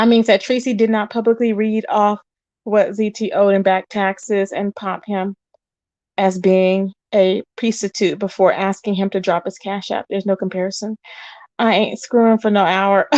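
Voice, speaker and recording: A woman's voice: mid-range voice, level tone, normal speed, darkish tone, dry recording. A woman hosting a casual livestream, chatting with viewers and calling them child and babe. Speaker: livestream host.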